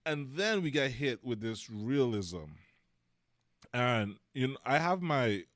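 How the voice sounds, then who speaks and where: A man's voice: medium pitch, big pitch swings, slow pace, fairly bright tone, dry recording, studio quality. A man co-hosting a podcast, chatting casually about a film and acting out scenes now and then. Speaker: podcast co-host.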